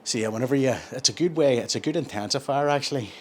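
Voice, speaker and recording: A man's voice: mid-range voice, quick pace, a little hiss or hum. A man, chatting casually between sets in a gym and rambling through his explanations with plenty of self-corrections. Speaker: gym vlogger.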